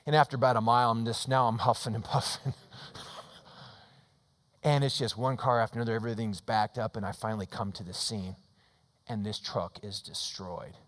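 A middle-aged man preaching a sermon as a pastor. He tells a story and moves between loud, emphatic lines and hushed ones. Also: medium pitch. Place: church sanctuary. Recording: long reverb of a church hall.

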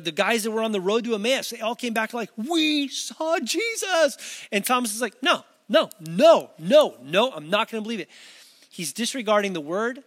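A pastor delivering a conversational sermon, acting out quoted voices with lively emphasis. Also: male voice, high-pitched, big-room sound.

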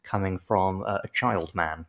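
A man's voice: low-pitched, a little slow, a bit bright. A man co-hosting a film review podcast, chatting casually and rambling into wry comic analogies.

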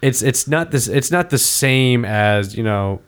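A young man rambles through a story in a loose, conversational flow, swearing freely and getting animated as he goes. His pitch sits at an ordinary middle level for a man. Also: a little slow, smooth. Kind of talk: casual chat.

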